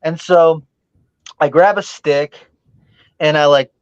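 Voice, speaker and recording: An animated man tells a story in loose podcast chat with a fairly high voice. He swears freely and leans on fillers. The sound is dry and somewhat dull. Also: slow pace, clean tone, dry recording.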